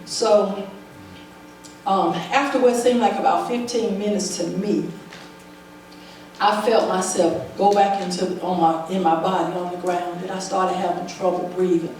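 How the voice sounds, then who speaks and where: A woman's voice: fairly low pitch, fairly even intonation, measured pace, a little mellow. A woman giving a personal testimony at a church service, telling her story vividly and acting out the dialogue. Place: church sanctuary. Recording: very echoey hall, voice from far off, faint noise.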